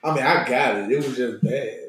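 A man telling a story in casual chat with friends, animated and laughing as he goes. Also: medium pitch, fairly quick. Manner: animated, laughing, mimics others' voices. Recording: echoey room.

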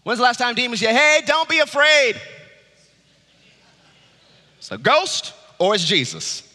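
Male pastor, high and sharp-edged tone, dynamic sermon delivery in a reverberant hall. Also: big pitch swings, measured pace. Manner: preaching with wide swings from loud high urging to low hush.

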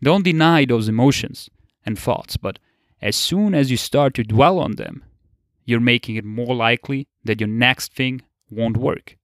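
A man's voice: mid-range voice, unhurried, dry recording. Laid-back young man, dry close sound. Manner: laid-back, swears casually, laughs often. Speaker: motivational podcaster. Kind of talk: casual motivational monologue.

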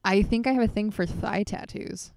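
A woman's voice: mid-range voice, moderate pace, darkish tone, no room sound. A young woman chatting casually as a co-host, blunt and sarcastic, swearing freely. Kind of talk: casual chat. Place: Los Angeles area, late at night outdoors.

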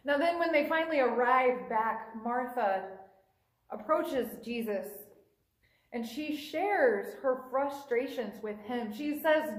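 A woman preacher gives a sermon, retelling a scripture story in a relaxed, storytelling way. Her voice sits high, and she briefly voices the quoted characters. The sound carries a noticeable room echo. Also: takes it slowly. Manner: conversational storytelling, acts out quoted dialogue. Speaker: pastor.

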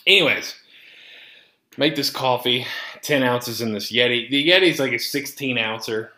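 A man's voice: medium pitch, moderate pace, bright, forceful tone. A man hosting a podcast, telling a rambling, profane story that keeps going off on tangents. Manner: profane, rambling, easily sidetracked. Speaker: podcast host. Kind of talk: casual rambling monologue. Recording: roomy echo.

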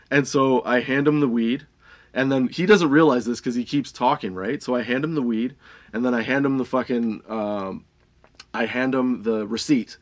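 A man who works in a dispensary tells a rambling, profane story in a casual vlog and laughs often as he talks. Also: medium pitch. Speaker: dispensary budtender and product reviewer.

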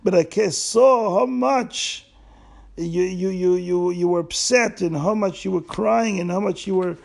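A remorseful man confessing to his friend through tears, his voice pushed high and strained, as a storyteller puts him on. He halts, repeats himself and pleads, with a gravelly edge. A storybook tale told aloud. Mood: tearful. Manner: tearful, halting, pleading.

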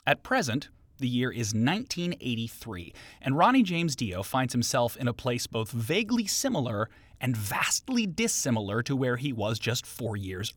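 A man narrates his music history podcast from a script, slipping wry jokes into the story. His pitch swings widely as he talks. The recording is dry and close, with no room sound. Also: dry recording. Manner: wry, joke-filled storytelling. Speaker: podcast host.

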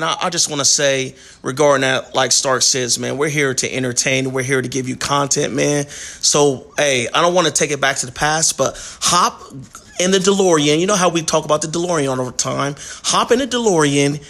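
A man's voice: fairly high pitch, normal speed, a bit bright. A man co-hosting a podcast, talking in a laid-back, slangy way and tossing in "man" constantly. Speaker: podcast co-host. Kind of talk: casual podcast chat.

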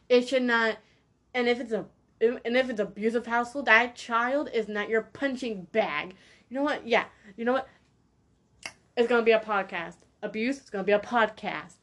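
A young woman hosting a solo podcast, ranting bluntly and heatedly in a slangy way, repeating her points for emphasis. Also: fairly high pitch. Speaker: podcast host. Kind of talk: opinionated solo podcast rant.

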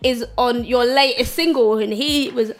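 A woman hosting an interview, chatting casually and enthusiastically, with lots of quick agreement. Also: fairly high pitch. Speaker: host.

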